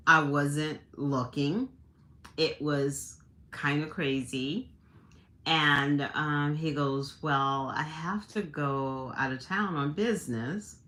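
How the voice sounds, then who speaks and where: Her voice sits low with a fairly bright tone as she hosts a livestream. The woman casually recounts a personal story to her live audience, laughing frequently and restarting sentences.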